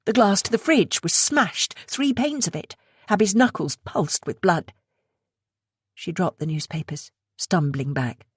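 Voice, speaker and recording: A woman narrating a thriller audiobook in a steady, even reading voice. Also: lowish voice, a little slow, slightly rough, no echo, studio quality. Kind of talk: scripted narration.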